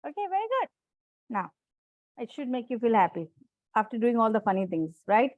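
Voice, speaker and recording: A high-voiced woman coach teaches a class over a video call, encouraging her students and repeating her key phrases. She keeps checking in with short questions. The sound is dry and close. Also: big pitch swings, fairly quick, long pauses, dry recording. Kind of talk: live online class on self-management.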